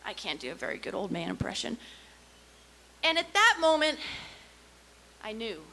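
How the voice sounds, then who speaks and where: Young female stand-up comic, sarcastic storyteller with a bright, slightly high voice, faint hiss on the tape. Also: very animated, normal speed. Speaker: stand-up comedian. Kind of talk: stand-up comedy set.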